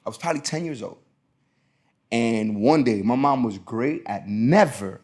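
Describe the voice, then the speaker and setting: A man hosting a podcast, telling a personal story in casual chat, lively and quick to act out what others said. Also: mid-range voice. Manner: animated storytelling, acting out quotes. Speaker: podcast host.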